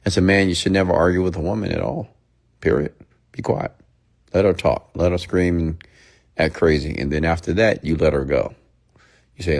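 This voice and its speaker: A man giving a blunt, lecturing motivational monologue, sometimes dropping to a hushed near-whisper. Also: low voice, animated, moderate pace, gravelly. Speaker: motivational speaker.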